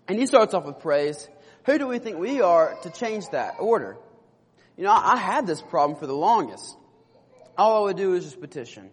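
A man's voice: high voice, big-room sound. A young man preaching a sermon, telling a story and earnestly asking the listeners questions.

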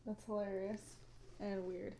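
A woman's voice: mid-range voice, level tone, measured pace, mellow, slight background noise. A woman, from Ontario, co-hosting a casual podcast. She switches between reading notes and chatting, laughs often, and fills her speech with "like" and self-corrections. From Ontario, Canada. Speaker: podcast co-host.

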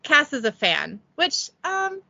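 This podcast host recaps an episode by reading her script out loud, giggling and poking fun at herself while barely voicing the quotes. She speaks slowly in a high-pitched voice with big pitch swings, vocal fry and a sharp tone. There's no echo, and the highs are cut off.

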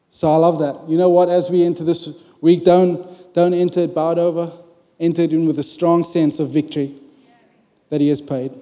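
A man's voice: fairly high pitch, fairly even intonation, moderate pace, warm tone, long reverb tail. A man preaching a sermon in a conversational, humorous way, speaking directly to his congregation.

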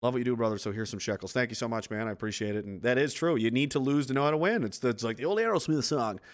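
A man's voice: mid-range voice, rapid-fire. A man hosting a casual livestream, reading chat, rambling and profane and laughing often.

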